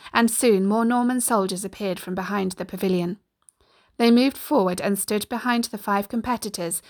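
Woman storybook narrator, steady, expressive reading aloud. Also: medium pitch.

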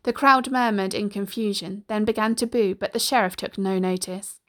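Woman storybook narrator, steady, expressive reading aloud. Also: mid-range voice, normal speed.

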